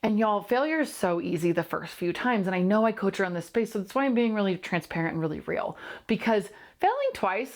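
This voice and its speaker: A woman's voice: medium pitch, animated, brisk. A woman coach speaks straight to the camera in a candid, confessional monologue. She talks earnestly, doubling back on key phrases to drive them home. Her voice sits in an ordinary middle register. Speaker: host and coach.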